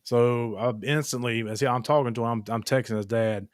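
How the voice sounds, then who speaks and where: A man's voice: medium pitch, steady tone, fairly quick, hardly any pauses, clear, resonant tone, dry recording, clean studio sound. A man hosting a podcast, telling a story in casual chat with blunt, profane language and lots of fillers. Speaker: podcast host. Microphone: podcast microphone.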